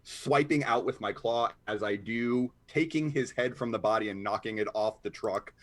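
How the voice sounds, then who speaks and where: A man taking his turn in a tabletop game. His voice is on the low side, and he talks in an easygoing way, thinking aloud with plenty of fillers. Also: moderate pace. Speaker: player. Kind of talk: casual tabletop game play.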